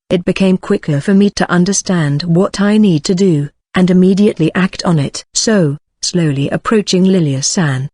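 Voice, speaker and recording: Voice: mid-range voice, a little mellow, dry recording, clean studio sound. Synthetic audiobook narrator reading punctuation aloud. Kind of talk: flat read-aloud of a light novel.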